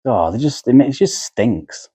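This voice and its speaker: A man's voice: medium pitch, animated, moderate pace, mellow, husky, no echo, clean studio sound. A man co-hosting a podcast, chatting casually and adding wry, sardonic asides. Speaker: podcast co-host. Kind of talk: casual chat.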